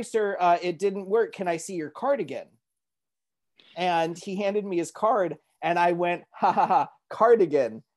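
A man with a fairly high voice hosts a casual podcast chat. He tells animated stories and slips into movie quotes as he goes.

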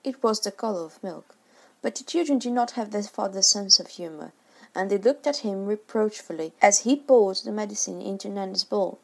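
A woman reading a classic children's story aloud with expressive, varied delivery. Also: mid-range voice, normal speed, gravelly. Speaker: reader. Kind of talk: storybook narration.

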